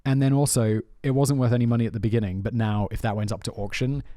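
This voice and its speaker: A man's voice: medium pitch, fast talker, no echo, studio quality. A man hosting a podcast, casually telling prank stories and often trailing off mid-thought. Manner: animated storyteller who trails off mid-thought. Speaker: podcast host. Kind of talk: casual chat.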